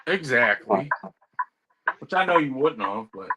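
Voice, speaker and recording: A man's voice: mid-range voice, very animated, unhurried, very noisy. A man who drives trucks, chatting casually and telling stories while swearing heavily. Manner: heavy swearing, ranting storyteller. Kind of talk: casual chat.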